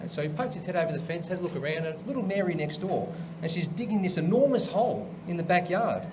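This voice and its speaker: A man hosts a comedy show and tells jokes like a chatty storyteller, acting out the voices and laughing at his own punchlines. His voice sits high and swings widely in pitch. There is noticeable noise behind him in the studio recording. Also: very animated, fast. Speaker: host.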